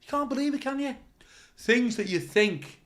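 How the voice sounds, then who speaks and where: Comedian guest, male, high and very animated, mimics characters as he talks. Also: moderate pace. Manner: animated storyteller, swears freely, acts out other people's voices. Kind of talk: anecdote-telling in casual chat.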